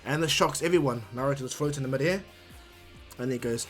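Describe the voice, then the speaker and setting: A man's voice: medium pitch, quick pace, soft background music. Rambling man telling a fan story. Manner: rambling, with restarts and "you know". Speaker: YouTube storyteller. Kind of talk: casual fan-story narration.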